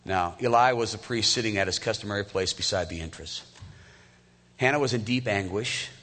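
A man in his fifties preaches a sermon as a pastor, talking in a conversational way and putting questions straight to the listeners. His voice is bright and forward. A long echo hangs behind him from a large hall. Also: lowish voice, a little fast. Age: 50s. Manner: conversational, asks the congregation direct questions. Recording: echoey hall.

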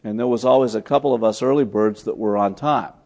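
A man preaching a sermon, telling stories as he teaches, swinging from loud emphatic lines to soft, hushed ones. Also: lowish voice, fast. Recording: long hall reverb.

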